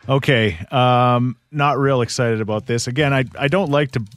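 A man's voice: mid-range voice, fairly even intonation, moderate pace, fairly bright tone, faint music behind. A man co-hosting a casual chat show, sheepish and self-mocking, often laughing. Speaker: podcast co-host.

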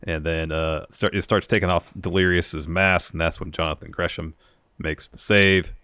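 Man, podcast co-host, casual recap, low pitch, dry sound. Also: steady tone, moderate pace, sharp tone, clear, resonant tone, no room sound. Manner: recounts matches, acts out promos with raised energy. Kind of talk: casual wrestling recap chat.

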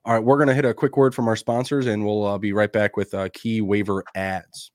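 A man co-hosting a casual sports podcast, raspy and under the weather, rambling loosely with fillers. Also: on the low side, level tone, fairly quick, hardly any pauses, no room sound, studio quality. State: sick, raspy from a cough. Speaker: podcast co-host.

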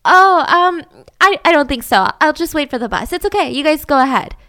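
A woman's voice: high-pitched, animated, fairly quick, sharp tone, no echo, clean studio sound, pitched above the performer's own voice. A woman voicing a cautious young woman who answers a stranger politely and hesitantly.

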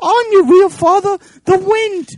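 A man's voice: extremely high pitch, fairly even intonation, measured pace, no room sound, pitched above the performer's own voice. A man doing the cheeky wind spirit. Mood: taunting. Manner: taunting, calls everyone mate.

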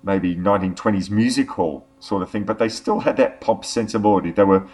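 A man's voice: fairly low pitch, brisk, a little mellow, husky. A man hosting a music podcast in casual, rambling chat. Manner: rambling, many fillers and restarts. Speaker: podcast host.

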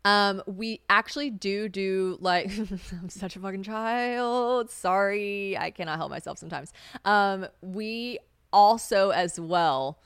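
A woman's voice: slow, fairly bright tone, clear, resonant tone, dry recording, studio quality. A young woman hosting a casual solo podcast, chatty and swearing freely, often acting out what others said. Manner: chatty, swearing, laughs, acts out quotes in a high voice. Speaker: podcast host.

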